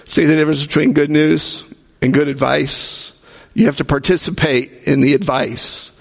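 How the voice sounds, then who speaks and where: A man's voice: fairly high pitch, fairly even intonation, normal speed, gravelly, breathy edge. A male pastor preaching a sermon in a conversational way, with jokes and acted-out quotes, in a church. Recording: hall reverb.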